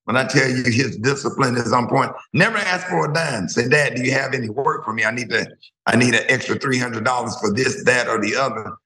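A man's voice: medium pitch, a little fast, pushed and bright, roomy sound, low-quality recording. A man speaking as a guest on a talk show, emotional and rambling, often repeating himself.

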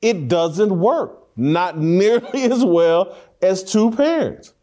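A man's voice: high voice, expressive, takes it slowly, warm tone. Blunt, emphatic man arguing on a talk show. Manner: blunt, emphatic, repeats himself while arguing. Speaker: show host. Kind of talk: opinionated talk show commentary. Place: studio room with three people.

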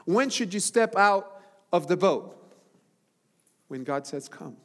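A man's voice: sits high, animated, slow. Preaching man in a big reverberant hall. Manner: preaching with big swings from shouting to hushed. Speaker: pastor. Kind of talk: sermon. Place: church sanctuary. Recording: large hall with long reverb and music.

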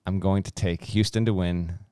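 Deep, smooth-voiced man breaking down games. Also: steady tone, moderate pace, warm tone, no echo, studio quality. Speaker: podcast co-host. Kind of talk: casual sports chat.

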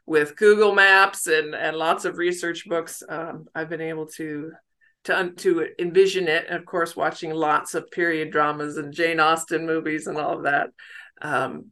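A woman's voice: sits low, steady tone, normal speed. A middle-aged woman from the United States, a novelist chatting in an interview, laughing easily and poking fun at herself. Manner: chatty, laughs easily, warm self-deprecating. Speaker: novelist guest. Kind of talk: casual interview talk.

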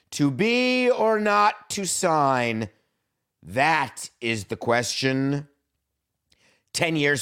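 A man's voice: low-pitched, bright, forceful tone. A man hosting a solo sports podcast, talking in a wry, theatrical way that swings between dry asides and mock-grand flourishes. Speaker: podcast host.

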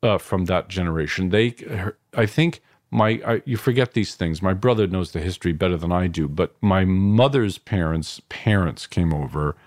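A man from New York in his fifties, a filmmaker reflecting on his family in an interview, halting and restarting often. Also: sits low, a little mellow, no echo, studio quality. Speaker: filmmaker guest. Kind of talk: interview answers.

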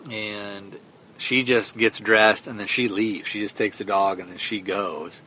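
Podcast guy w/ low-ish but bright punchy voice, rambly movie recap, lots of ums, faint rumble behind. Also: fairly even intonation, a little slow. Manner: rambling, retells scenes with quoted lines, many fillers. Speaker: podcast host. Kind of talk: casual film review recap.

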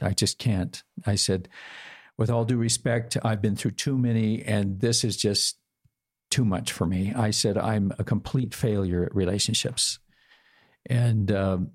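An older man telling a personal love story in a hesitant, halting way, with many fillers and restarts, acting out both sides of the dialogue. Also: on the low side. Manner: quotes himself and his partner in dialogue.

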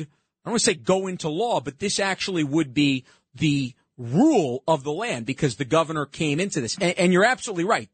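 A man's voice: on the high side, breathy edge, no echo. A man hosting political talk radio, sarcastic and emphatic as he rants and takes callers. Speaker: radio talk show host.

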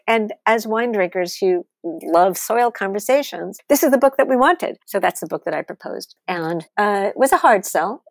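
A woman, a wine author telling candid stories as an interview guest, blunt and animated, acting out what people said. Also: on the low side, vocal fry, no echo. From United States. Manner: blunt, animated storyteller who swears and acts out quotes.

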